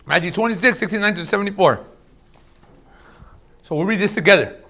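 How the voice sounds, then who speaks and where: A man preaching a sermon as pastor, casual and animated, swinging between loud bursts and hushed asides. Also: high-pitched, brisk.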